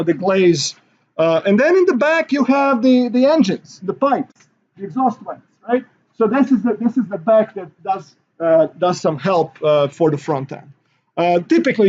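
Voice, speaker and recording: A man's voice: sits high, a little mellow, lo-fi sound. A male university instructor giving a recorded class lecture in a casual, rambling way with many fillers and restarts.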